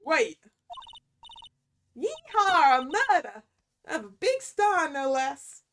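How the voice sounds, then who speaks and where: A woman voicing a brash, loud female reporter with a folksy Southern drawl attempt, reading game dialogue aloud. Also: high voice, big pitch swings, slow, a little hiss or hum, exaggerated voice. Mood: triumphant.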